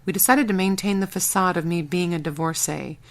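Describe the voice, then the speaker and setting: Narrator doing a blunt no-nonsense ex-agent lady, matter-of-fact, lowish voice. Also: brisk, natural voice.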